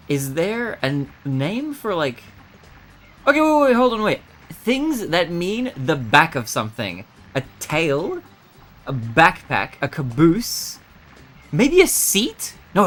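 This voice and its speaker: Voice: mid-range voice, fairly bright tone. A streamer thinking aloud while solving word puzzles, muttering guesses and laughing often.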